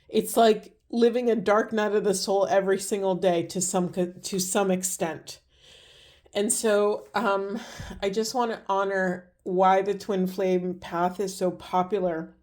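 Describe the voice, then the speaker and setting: A woman giving a spiritual card reading to her viewers, speaking slowly and earnestly with many pauses and restarts, moved close to tears. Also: mid-range voice, darkish tone. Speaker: tarot and oracle reader.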